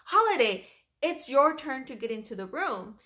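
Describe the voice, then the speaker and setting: A woman's voice: sits high, big pitch swings, moderate pace, pushed and bright, exaggerated voice. A woman voicing a stern male strip club manager who gives bossy commands.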